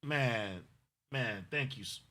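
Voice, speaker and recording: A man's voice: medium pitch, slow pace, very noisy. A middle-aged man co-hosting a casual livestream, talking in a rambling, effusive way and thanking viewers emotionally. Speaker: livestream co-host.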